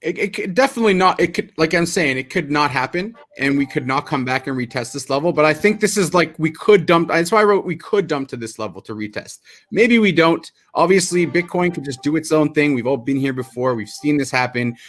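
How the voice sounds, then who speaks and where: Animated, slightly high-voiced male trader. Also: fairly quick. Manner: animated, acts out market reactions, restarts often. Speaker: crypto trader. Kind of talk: casual explanatory chat over charts.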